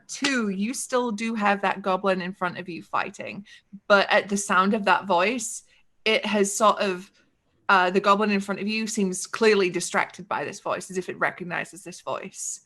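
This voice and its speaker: A woman's voice: mid-range voice, pushed and bright. A woman narrating as game master of a tabletop game, upbeat and swearing freely, with plenty of ums.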